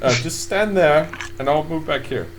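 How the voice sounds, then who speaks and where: Male GM doing a nervous townsman NPC, higher pitched and fretful. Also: lively intonation, normal speed, heavy background noise, close to an everyday voice. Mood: flustered. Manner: flustered, fretful.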